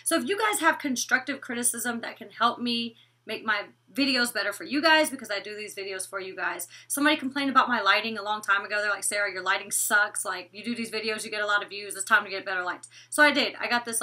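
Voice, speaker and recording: A young woman vlogger recapping a reality show in casual chat, blunt and animated, cursing freely. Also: mid-range voice, distant mic. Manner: blunt, animated, gossipy with swearing. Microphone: desk microphone.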